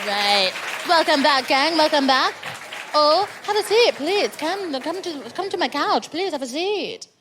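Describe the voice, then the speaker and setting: Female host, high lively voice, playful banter, live club noise faint. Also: measured pace, crowd noise. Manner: bubbly, playful banter with the audience. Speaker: comedy show host. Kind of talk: live show hosting and promo.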